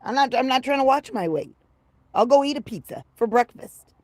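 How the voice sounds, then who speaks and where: A woman in her fifties chatting casually on a livestream, brash and profane, rambling from low mutters to loud excited bursts. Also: normal speed, dry recording. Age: 50s. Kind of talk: casual livestream chat with viewers.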